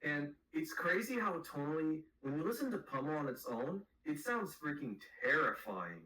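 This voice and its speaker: A young man chats on a podcast with a bright, forward voice. He sits back from the mic in a roomy space, and a faint hum sits under him. His talk is excitable and full of crude jokes. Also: fairly high pitch, moderate pace, far from the mic. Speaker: podcast co-host. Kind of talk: casual chat.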